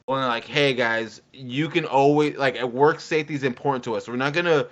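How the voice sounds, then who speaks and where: A man co-hosting a casual gaming podcast, rambling and animated, acting out quotes as he talks. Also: mid-range voice, moderate pace. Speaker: podcast co-host. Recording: dull lo-fi audio.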